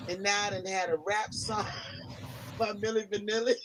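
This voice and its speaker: A man's voice: sits high, little pitch movement, normal speed, fairly bright tone, a little hiss or hum, rough recording. A man voicing a loose, silly stoned man in a comedy skit, drawling and breaking into giggles. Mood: giggly.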